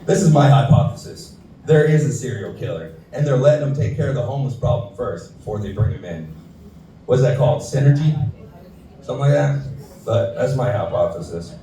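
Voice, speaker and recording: A man's voice: mid-range voice, animated, a little fast, mellow, slight background noise. A man, telling profane stand-up stories on a saloon stage and acting out the people in them. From Houston, Texas. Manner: profane storytelling with voiced quotes. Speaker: stand-up comedian. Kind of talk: stand-up set. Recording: echoey room from far off.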